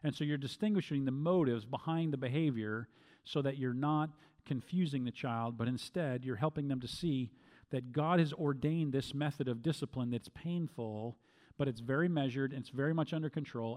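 A middle-aged man answering questions as a pastor, speaking calmly and measuredly, with frequent restarts. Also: medium pitch, normal speed. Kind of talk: Q&A teaching talk.

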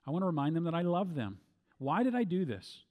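A middle-aged man giving Bible-based teaching, speaking deliberately and repeating key phrases for emphasis. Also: on the high side, very animated, a little mellow. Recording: long hall reverb.

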